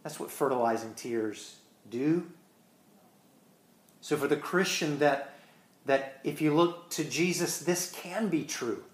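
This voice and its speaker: Earnest preaching man in an echoey room. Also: fairly high pitch. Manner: earnest preaching, swings between quick bursts and slow stressed words. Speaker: pastor. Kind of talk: sermon.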